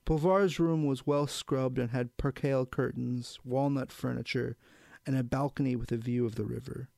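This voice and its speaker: A man reading a novel aloud in a measured, even storytelling manner. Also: medium pitch, creaky, dry recording. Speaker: audiobook narrator. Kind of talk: scripted narration of a novel.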